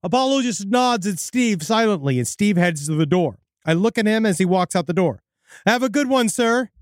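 A man's voice: high-pitched, lively intonation, a little fast, no echo. A man co-hosting a podcast, casually reading out a listener's creepy story and swearing now and then. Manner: casual, profane, dips into voices for quoted people.

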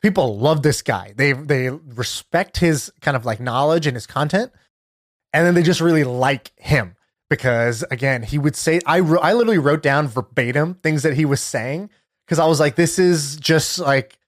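A man co-hosting a podcast, telling a story in casual chat, lively and full of fillers like "like" and "you know". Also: a little high, moderate pace, no room sound, clean studio sound. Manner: animated storyteller, many fillers, laughs while telling. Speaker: podcast co-host.

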